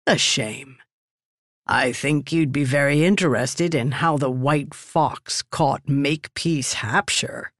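A woman doing a sly, slow-talking tavern man. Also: deep voice, fairly bright tone, dry recording, clean studio sound. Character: sly boastful male tavern storyteller.

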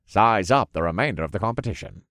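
A man's voice: fairly low pitch, expressive, a bit bright, dry recording, clean studio sound. A man voicing a showy male tournament announcer who draws out his grand proclamations. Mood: grandiose. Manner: theatrical, drawn-out proclamations. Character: booming showman announcer of a fighting tournament, male. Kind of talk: audiobook character voice.

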